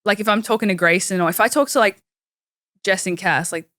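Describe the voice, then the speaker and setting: A woman's voice: medium pitch, brisk, fairly bright tone, no echo, clean studio sound. A young woman with an Australian accent, chatting casually as an interview guest and dropping lots of "like" fillers. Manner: chatty, uses many "like" fillers. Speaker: professional wrestler, guest. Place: studio.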